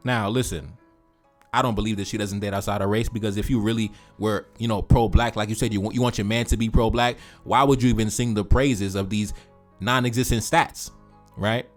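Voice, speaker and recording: A man's voice: on the low side, steady tone, fairly quick, soft background music. A man hosting a reaction video, giving emphatic, repetitive commentary with slangy asides. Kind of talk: commentary reacting to social media posts.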